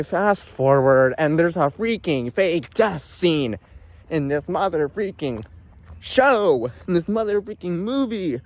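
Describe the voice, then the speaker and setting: Brief: melodramatic young reviewer, slow and deliberate, with huge swoops in pitch. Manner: dramatic, exclamatory, addresses viewers as "girls". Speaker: movie reviewer. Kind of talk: casual vlog review.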